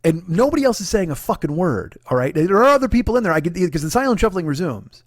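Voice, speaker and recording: A man hosting his own comedy show, telling a long story in a profane, animated, self-deprecating way. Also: sits high, fast talker, no room sound, clean studio sound. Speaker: comedian host. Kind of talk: comic storytelling monologue.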